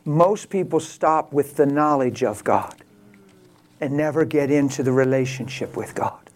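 A male pastor preaching a sermon, telling a story and swinging from quiet, slow lines to loud exclamations. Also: mid-range voice.

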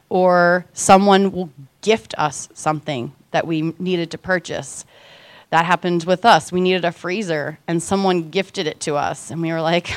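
A woman in her thirties gives a devotional Bible talk in a chatty, friendly way, often tossing in "right?" Her voice sits a little low for a woman. The sound is dry and close, with no room around it. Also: no echo. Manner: conversational, often asks "right?". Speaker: Bible teacher. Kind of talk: casual devotional teaching.

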